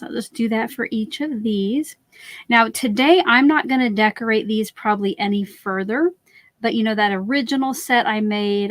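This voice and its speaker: A woman's voice: medium pitch, no room sound. Casting note: friendly woman craft host, chatty live-stream demo, dry close sound. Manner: chatty, talks viewers through each step.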